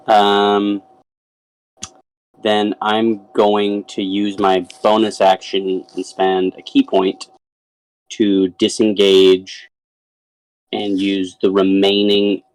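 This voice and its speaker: A man playing a tabletop game talks through his moves, hesitant and thinking aloud. His voice sits low. The recording is dry and close. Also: no echo, rough recording. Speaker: player.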